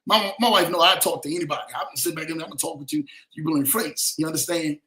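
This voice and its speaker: A man hosting a casual livestream show, telling stories and giving advice in an animated way, often checking in with his listeners. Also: a little high, rapid-fire, reverberant. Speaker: show host.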